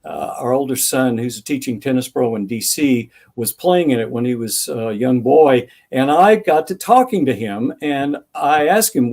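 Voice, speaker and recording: An older man speaks as an interviewed author at an ordinary mid pitch. He answers thoughtfully and tells anecdotes, acting out remembered dialogue along the way. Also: brisk, hardly any pauses, a little mellow. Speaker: author guest.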